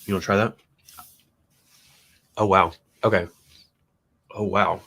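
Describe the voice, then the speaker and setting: A livestream co-host with a low voice talks slowly and casually while tasting, rambling in a relaxed way full of fillers.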